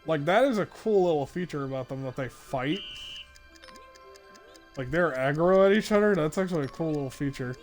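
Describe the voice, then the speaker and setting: A man's voice: fairly high pitch, expressive, normal speed, soft background music. A young man giving casual, rambling live-stream commentary while playing a game, with lots of filler words.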